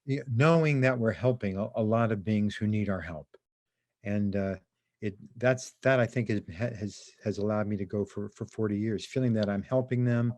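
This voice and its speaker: An older man speaking as a guest in a conversation about animal rights over a video call. He talks haltingly and often repeats or restarts his words. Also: lowish voice, a little mellow, no room sound. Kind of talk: casual conversation.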